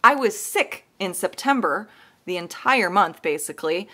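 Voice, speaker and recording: A woman's voice: fairly high pitch, a bit bright. A woman chatting casually to the camera as a musician host, talkative and self-deprecating with frequent laughs. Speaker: ukulele cover musician and channel host.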